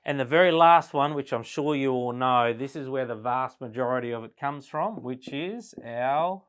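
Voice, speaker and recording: A man's voice: medium pitch, a bit bright, clean tone. A man teaching a business class at a flip chart, talking casually and often checking in with "right?" as he explains. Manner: conversational, frequent "right?" tag questions; slows down and varies volume to demonstrate tone. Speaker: business sales trainer.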